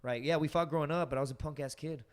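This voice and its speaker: A slightly high male voice with fairly even intonation moves at a quick pace, trailed by a long reverb. The speaker, a stand-up comic guesting on a podcast, tells rambling, profane stories crammed with fillers in a casual way.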